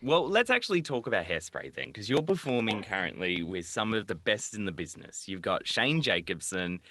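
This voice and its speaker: A woman hosting a theatre podcast interview, chatty and quick to laugh. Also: a bass voice, sing-song, fairly bright tone, no room sound. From Australia. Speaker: podcast host. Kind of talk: casual interview chat.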